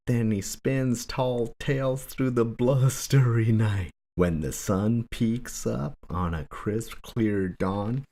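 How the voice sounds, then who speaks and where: A man reading a children's picture book aloud as a bedtime story, in a gentle, rhythmic way. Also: mid-range voice, slow, hardly any pauses. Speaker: storybook reader.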